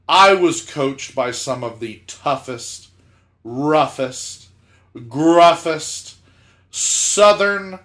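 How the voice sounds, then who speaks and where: Animated storytelling man, lively pitch. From South Georgia, US. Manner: animated, laughs mid-sentence, acts out quotes. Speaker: podcast co-host. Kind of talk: casual storytelling.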